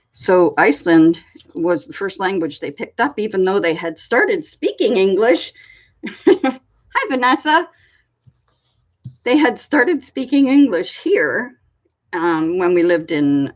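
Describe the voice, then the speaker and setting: A woman from Canada, hosting a crafting channel, chatting in a meandering way with a slight frog in her throat that she keeps clearing. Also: lowish voice, animated, takes it slowly, a little mellow. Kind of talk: casual rambling chat. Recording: dull lo-fi recording.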